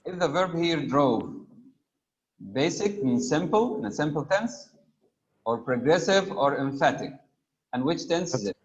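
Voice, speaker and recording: A man's voice: fairly high pitch, expressive, measured pace. A man teaches grammar to students on an online call. He asks question after question and patiently repeats each answer back to them. The sound is slightly dull and lo-fi. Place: remote video call.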